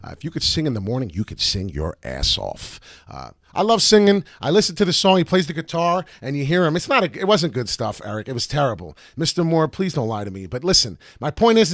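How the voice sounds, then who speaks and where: A crypto chart analyst and channel host gives casual commentary over crypto charts in an excitable, chatty way, dropping lots of "uh" fillers and bursting into loud, off-key singing. His voice is a little high and brisk with few pauses, cracking in the morning, and the recording is dry and studio quality.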